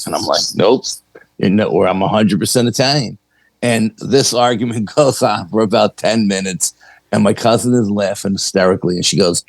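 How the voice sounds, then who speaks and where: A middle-aged man with a low, gravelly voice tells a story as a podcast guest. He chats in a loose, anecdotal way, sprinkling in "you know" and acting out quoted dialogue. The sound is dry and close. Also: fairly even intonation, a little fast, dry recording, poor audio. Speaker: paranormal investigator, podcast guest. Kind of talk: casual storytelling.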